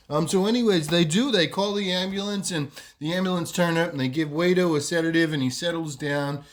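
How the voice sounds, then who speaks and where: Podcast host, casual storyteller, rambling delivery, pitch a bit above average. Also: male voice, brisk, hardly any pauses. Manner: rambling, lots of ums and "you know".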